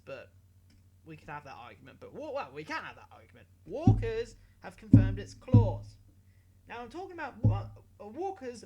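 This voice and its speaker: Giggly man with a lively voice. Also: very high voice, a little hiss or hum. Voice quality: giggly, animated, self-mocking, swears casually. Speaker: YouTube host. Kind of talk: comic news vlog, rambling monologue.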